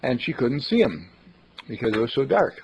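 A man's voice: mid-range voice, sing-song, moderate pace, gravelly, darkish tone, a little hiss or hum. A man, a university dean, telling a folksy, dramatic story as a thought for the day, on a dull lo-fi recording. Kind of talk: storytelling talk.

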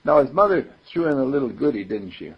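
Gravelly, husky man teaching spirit. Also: medium pitch, big pitch swings, fast talker. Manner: playful, chuckling, repeats affirmations. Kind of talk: informal sermon to a group. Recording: dull lo-fi recording.

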